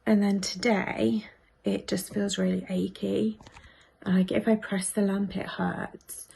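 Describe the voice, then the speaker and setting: Husky, gravelly and a little mellow, her mid-range voice belongs to a woman in her thirties. She's confiding to the camera in a personal vlog, half-whispering and sounding worried.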